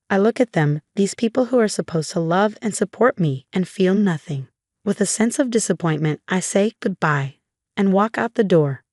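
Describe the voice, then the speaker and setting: A woman narrating a first-person story in a steady, scripted reading. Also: medium pitch, moderate pace, no room sound, studio quality.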